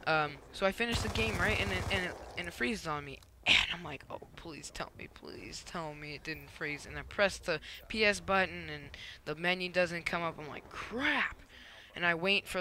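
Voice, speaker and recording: A young man with a fairly high voice rants over his gameplay, rambling and animated, full of fillers and restarts. There is a steady layer of noise behind him on the recording. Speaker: gameplay commentator. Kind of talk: casual gameplay commentary rant.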